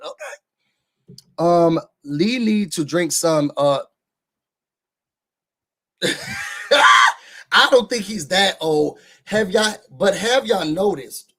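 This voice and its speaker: A young man, recapping a reality show in a sassy, gossipy way, talking straight to his viewers. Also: a little high. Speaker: show reviewer. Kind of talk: casual recap commentary. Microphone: desk microphone.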